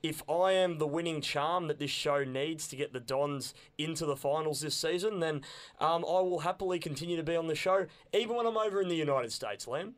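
A man's voice: on the high side, a little fast. A young adult man with an Australian accent, chatting enthusiastically as a podcast co-host, often repeating words as he goes. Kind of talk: casual chat.

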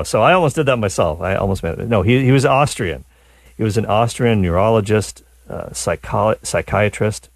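Chatty low-voiced male radio host. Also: darkish tone, dry recording. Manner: rambling, self-deprecating, many restarts. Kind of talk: casual talk radio monologue. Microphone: studio mic.

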